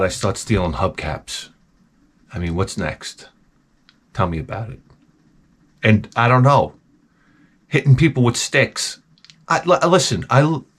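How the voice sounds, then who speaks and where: A man's voice: fairly low pitch, a bit bright. A man hosting a game channel, ranting comically in a profane, rambling way, full of stammered restarts. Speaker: video game channel host. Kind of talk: comedic rant.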